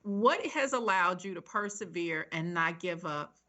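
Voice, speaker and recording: A woman's voice: on the low side, expressive, a little slow, bright, forceful tone. A woman hosting an interview, speaking in an affirming, encouraging way. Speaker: interview host. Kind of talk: interview conversation.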